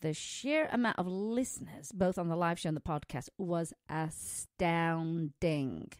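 A woman's voice: on the low side, expressive, brisk, dry recording, studio quality. A middle-aged woman with a foreign accent, hosting a pet radio show in a chatty way and laughing often. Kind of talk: casual radio chat. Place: small studio.

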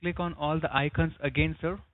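A man's voice: on the high side, steady tone, brisk, no echo. A man on a phone call, insistent, giving orders and repeating "sir". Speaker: scam caller. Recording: tinny phone line.

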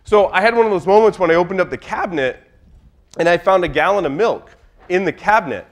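A man's voice: sits high, expressive, fast. A middle-aged man giving a humorous conference talk in a room, telling anecdotes in a loose, chatty way. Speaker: conference speaker.

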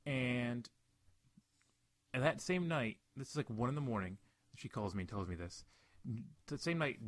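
A man's voice: medium pitch, a bit bright. Young man telling a rambling, profane story. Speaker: podcast host. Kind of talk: casual chat.

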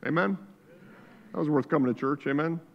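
A man preaching a sermon as pastor, shifting between quiet reflection and loud fervor, recorded in a church sanctuary. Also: on the high side, brisk, creaky, muffled recording. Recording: church hall reverb.

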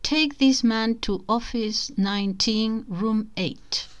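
A woman's voice: fairly high pitch, slow pace, clear, resonant tone, pitched above the performer's own voice. A woman voicing a stern male bureaucrat who is scandalized by rule-breaking, in a spoken storybook reading.

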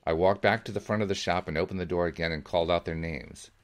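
A man reading a book aloud as a podcast host, narrating in the first person in a measured, steady way. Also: low-pitched. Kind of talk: audiobook-style reading.

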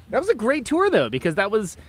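A man's voice: sits high, noisy background. A male podcast host chatting casually with a guest, filling his sentences with "like" and "you know". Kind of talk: casual interview chat.

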